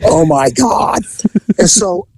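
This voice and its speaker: A man hosting a podcast, telling an animated story in casual chat, acting out the voices and laughing as he goes. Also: high voice, takes it slowly, gravelly, slightly rough, low-quality recording.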